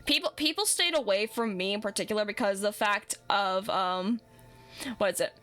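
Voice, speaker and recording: A woman's voice: medium pitch, normal speed, fairly bright tone, faint music behind. A young woman chatting casually as a streamer, rambling and swearing with lots of restarts. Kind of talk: casual chat while rigging a model.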